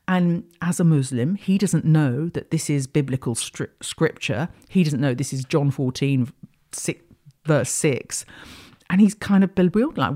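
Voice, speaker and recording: A woman's voice: deep voice, moderate pace, a little mellow. A woman hosting an astrology talk show, musing in a rambling, reflective way with many restarts. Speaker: astrology podcast host. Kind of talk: casual spiritual monologue.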